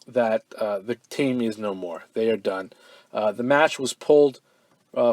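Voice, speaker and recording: A man hosting a fan-mail podcast, chatting casually with plenty of ums and uhs. His voice sits in a middle register, recorded close and dry with no room sound. Now and then he gets loud and swears with excitement. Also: mid-range voice, no echo. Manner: relaxed and offhand, lots of ums and uhs, bursts into loud profane excitement.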